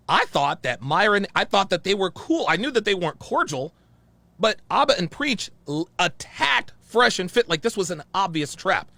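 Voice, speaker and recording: A channel host tells a story in a heated, profane, worked-up way, repeating himself again and again. His voice is a little high with big pitch swings, brisk, creaky, pushed and bright, with no echo.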